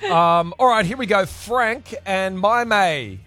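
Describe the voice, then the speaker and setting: A man's voice: high-pitched, a little slow, sharp tone. A man hosting a breakfast radio show, upbeat and joking with callers. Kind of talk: casual radio banter. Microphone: studio microphone.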